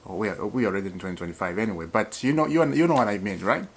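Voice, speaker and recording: A man's voice: lowish voice, lively intonation, rapid-fire, slightly rough. A man hosting a football fan channel, talking casually and laughing often, with frequent restarts and repeated words. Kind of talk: casual vlog commentary.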